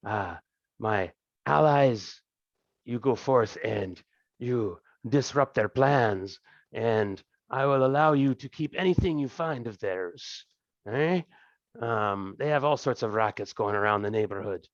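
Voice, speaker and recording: A man's voice: lowish voice, measured pace, dry recording, muffled recording. A man doing a drawling, greedy thieves' king. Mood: scheming. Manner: oily, drawling, with chuckles and "eh?". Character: huge, greedy, scheming male thieves' king.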